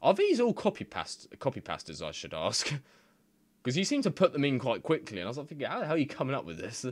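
A man's voice: mid-range voice, sing-song, quick pace. A man, casually reading odd machine translations aloud, laughing and swearing as he goes. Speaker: gaming video creator.

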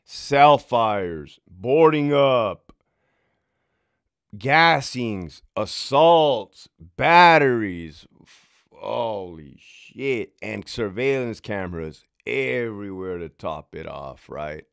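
A former prison sergeant tells his own story to camera in a rough, swearing, worked-up way. His low voice swings widely up and down as he talks. The sound is dry and close, with no room echo. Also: drawn-out words. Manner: profane, heated, animated.

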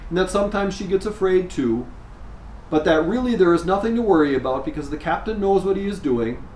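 A male priest giving a sermon, telling a story in an unhurried way with measured pauses. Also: on the high side, darkish tone. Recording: echoey room, faint background noise.

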